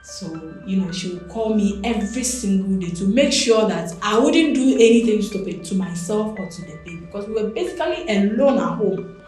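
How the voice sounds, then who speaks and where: Young Ghanaian woman, candid personal storytelling, animated delivery, very roomy echo, faint music underneath. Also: medium pitch, fairly quick. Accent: Ghanaian English. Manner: animated, expressive storytelling with many fillers. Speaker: interview guest.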